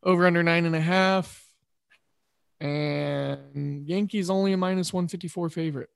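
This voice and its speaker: A man hosting a casual chat show, thinking aloud in a measured way with pauses and fillers. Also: a little high, steady tone, vocal fry, clear, resonant tone, no room sound, clean studio sound. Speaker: podcast host.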